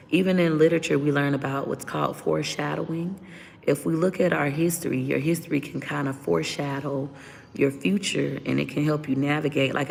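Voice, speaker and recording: A woman's voice: low-pitched, vocal fry, a little mellow, in a large hall, slight background noise. A woman talking candidly as an interview guest about her own life, blunt and profane as she vents. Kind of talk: candid personal storytelling.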